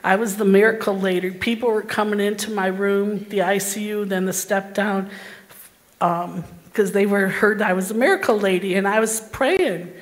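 A woman's voice: mid-range voice, moderate pace, long reverb tail. A woman in her sixties giving a fervent, emotional personal testimony in church. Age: 60s.

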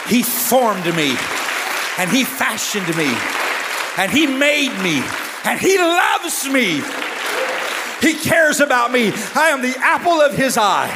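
A man preaching an impassioned altar-call sermon at a church service, moving between hushed and shouted prayer. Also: extremely high pitch, big pitch swings, takes it slowly, a crowd in the background, background noise. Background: musicians playing.

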